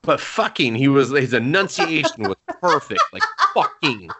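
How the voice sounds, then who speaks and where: A man's voice: mid-range voice, sing-song, moderate pace, heavy background noise. A man in his thirties co-hosting a podcast, telling family stories in casual chat, laughing often and swearing freely. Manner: laughing storyteller, swears freely, quotes people. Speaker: podcast co-host.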